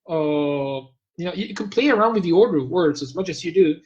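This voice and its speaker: A man whose first language is Spanish, speaking as a guest expert in an academic talk. He explains things in a measured, lecturing way and pauses to search for terms. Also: on the high side, lo-fi sound.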